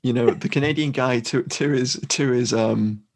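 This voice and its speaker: A man's voice: medium pitch, moderate pace. A man co-hosting a podcast, recapping a film in casual chat with a dry, wry manner and frequent restarts. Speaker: podcast co-host.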